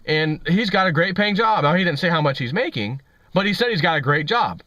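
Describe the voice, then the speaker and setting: A man's voice: on the high side, expressive, fairly quick, pushed and bright, dry recording. A man hosting an opinionated financial commentary vlog, ranting and repeating himself with scorn. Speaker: vlog host. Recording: dull lo-fi audio.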